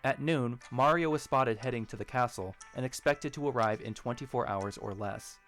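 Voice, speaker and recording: A man narrating a story in a steady, even storytelling manner. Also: mid-range voice, moderate pace, soft background music. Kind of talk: audiobook narration of a fan story.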